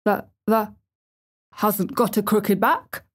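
A woman voicing a tactless old man, a gardener, speaking in a hoarse, shaky voice for a storybook. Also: medium pitch, fairly even intonation, measured pace, natural voice. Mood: stunned.

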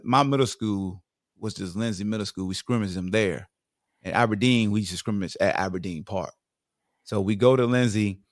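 A man in his forties from Virginia, a podcast guest casually telling animated stories about his football days. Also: on the low side, no room sound, clean studio sound. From Virginia, USA. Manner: animated, acts out other people's lines. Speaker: guest, former football player. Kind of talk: casual storytelling.

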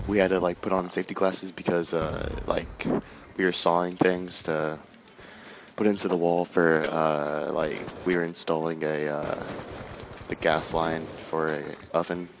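A man's voice: sits low, level tone, measured pace, background noise. A young man giving casual gameplay commentary, rambling with lots of fillers and swearing. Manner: rambling, filler-heavy and profane. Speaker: gaming channel host.

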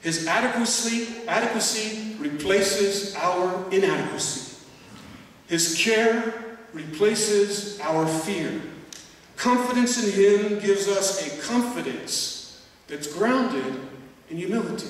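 A man preaching a sermon in a slow, measured way, leaning on repetition to drive each point home. His voice sits a little on the high side and carries a long, ringing echo, picked up from some distance across a large church hall. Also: expressive. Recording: echoey hall, distant mic.

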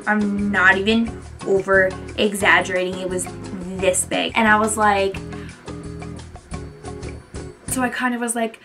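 Chatty New woman, music behind. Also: normal speed. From New Jersey. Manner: animated, frequent "like", acts out quotes in a higher voice. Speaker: beauty vlogger. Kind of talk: casual storytelling chat.

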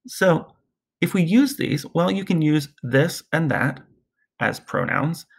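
A male Latin teacher giving a recorded lesson, explaining grammar in a relaxed, chatty way and chanting word forms as drills. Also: fairly high pitch, slow pace, creaky, breathy edge.

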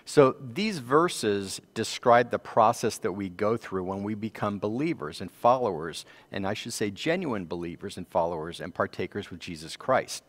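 A man with a low-pitched voice and an American accent leads a church Bible study. He reads passages aloud with lifted emphasis, then explains them in a steady teaching manner. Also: moderate pace, few pauses, long reverb tail. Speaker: Sabbath School teacher.

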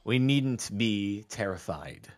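Lively low-voiced man chatting while gaming. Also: slow. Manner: relaxed, dry sarcastic banter. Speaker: gaming co-host. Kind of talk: casual gaming chat.

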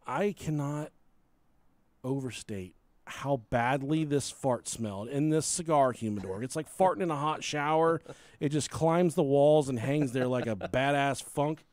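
A man hosting a podcast, telling a crude, animated story casually with frequent laughter. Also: mid-range voice, unhurried, no room sound. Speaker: podcast host.

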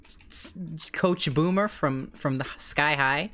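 A woman hosting an online improv game, chatting casually with quick, giggly banter. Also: low-pitched, a bit bright. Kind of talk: casual chat.

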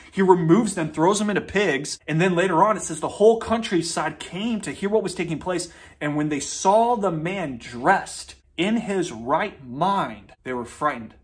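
A man preaching a sermon, reading scripture aloud and telling it as a story, speaking straight to his listeners with emphatic repetition. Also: on the high side.

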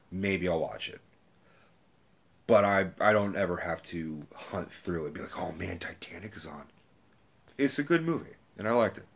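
Young guy ranting about a movie, low husky voice, swears a lot, rambles. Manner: profane, rambling, animated. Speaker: movie reviewer. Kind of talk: casual rant.

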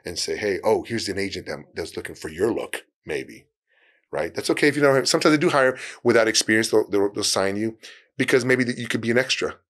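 A man's voice: fairly low pitch, expressive, fairly bright tone. A man, an actor guest on a podcast, giving casual career advice in an easygoing way, laughing often and acting out short exchanges. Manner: easygoing, laughs often, acts out quick dialogues.

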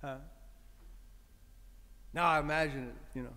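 Male priest, high, highly animated delivery, conversational sermon, church reverb. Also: normal speed, long pauses. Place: church sanctuary.

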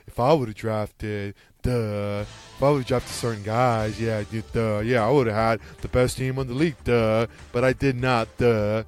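A man's voice: medium pitch, steady tone, faint music behind, pitched below the performer's own voice, close to an everyday voice. A man mocking a dopey, bragging buddy. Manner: slow, dim-witted "duh" drawl. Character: dopey boastful male fantasy football buddy.

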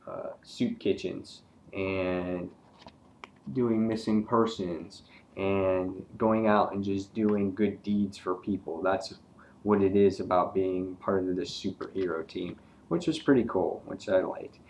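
Guy talking through a comic, kinda low voice, lots of ums, faint hiss behind. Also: steady tone, slow, darkish tone. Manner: hesitant, lots of ums and uhs. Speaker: comic book reviewer. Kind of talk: casual comic book review.

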